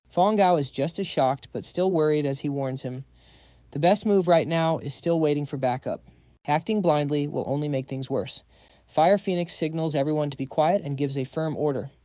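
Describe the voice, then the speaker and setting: A man's voice: a little high, normal speed, dark tone, dry recording. A man narrating a comic recap in a hyped, slangy storytelling manner.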